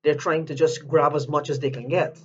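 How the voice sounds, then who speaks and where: A man's voice: a little high, steady tone, normal speed, slightly rough. Agitated man pleading in lo-fi audio. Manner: agitated, repeats and restarts, pleading questions. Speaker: vlogger asking for help. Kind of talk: upset personal video monologue. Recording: dull lo-fi audio.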